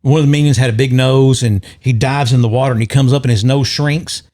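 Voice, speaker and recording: A man's voice: medium pitch, fairly even intonation, fast, darkish tone. A man co-hosting a podcast, telling long rambling stories in casual chat and chuckling often. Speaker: podcast co-host.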